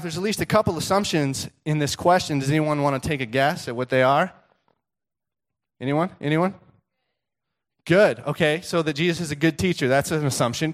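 A male pastor preaching a sermon in a conversational, animated storytelling way, with frequent restarts. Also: on the high side, fairly quick.

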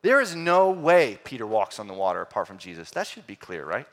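A man preaching a sermon, swinging between loud emphatic lines and quiet, hushed ones. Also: fairly low pitch, very animated, brisk.

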